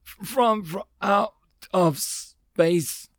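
A man's voice: high voice, drawn-out words, fairly bright tone, dry recording, studio quality, voice pushed up, exaggerated voice. A man voicing a dazed young male pilot who stammers out words in a weak, raw whisper. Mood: weak, stammering.

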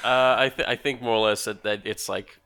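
An Australian man, a guest on a casual podcast, chatting in an animated, joking way and laughing often. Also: medium pitch, brisk, clean tone.

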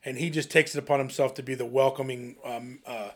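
A young man co-hosting a podcast, telling family anecdotes in a casual, animated way and often laughing. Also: mid-range voice, a little fast. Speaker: podcast co-host. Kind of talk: casual chat, storytelling.

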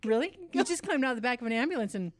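Sarkastyczna kobieta, dosadna i przeklinająca. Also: female voice, a little high, lively intonation, racing, dry recording. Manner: blunt, sarcastic, swears freely. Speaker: podcast co-host. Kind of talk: casual chat.

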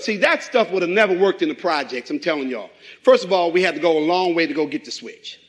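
High-voiced man preaching with animated fervor. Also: quick pace, poor audio. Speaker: pastor. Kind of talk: sermon.

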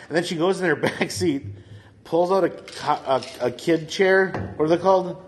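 A man's voice: fairly high pitch, normal speed. Rambling, laughing storyteller man. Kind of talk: casual storytelling chat.

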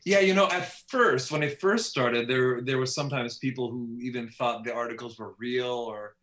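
A fairly bright, medium-pitched male voice at normal speed belongs to a Canadian author from Steinbach, Manitoba. He's a laid-back guest on a casual podcast interview, laughing lightly, and the recording has an echoey room sound.

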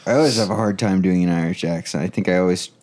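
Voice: low-pitched, fast talker, a little mellow, a little hiss or hum. A podcast co-host chatting casually, rambling with many fillers. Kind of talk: casual banter.

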